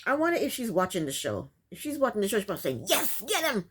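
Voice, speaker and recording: A woman's voice: medium pitch, sing-song, racing, husky. A woman casually recapping a reality show, chatty and sassy, often breaking into laughs.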